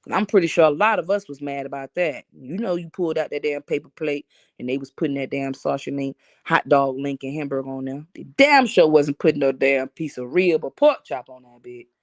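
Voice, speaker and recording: A woman live-streaming in casual chat, telling profane, animated stories and talking to her viewers. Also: sits low, a little fast, no echo, studio quality. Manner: talks to chat and reads comments aloud.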